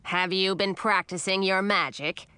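A woman's voice: fairly even intonation, a little slow, sharp tone, clear, resonant tone, dry recording. Woman voicing a cranky old witch grandmother. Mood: scornful. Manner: barking, scornful, shrill at times.

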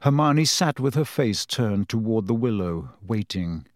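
A man's voice: lowish voice, expressive, measured pace, no echo. Man narrating a story in a dry room. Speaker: audiobook narrator. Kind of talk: scripted narration.

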